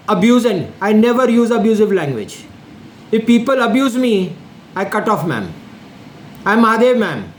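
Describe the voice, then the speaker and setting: A man in his sixties with an Indian accent, talking straight to a listener in an insistent, repetitive monologue, addressing them formally again and again. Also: very high-pitched. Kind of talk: direct-to-camera monologue. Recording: echoey room with faint air-conditioning hum.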